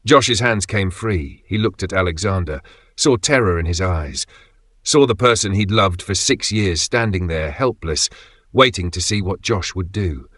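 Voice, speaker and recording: A man narrating a scripted dark horror story in a steady, grave tone. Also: sits low, unhurried, no echo.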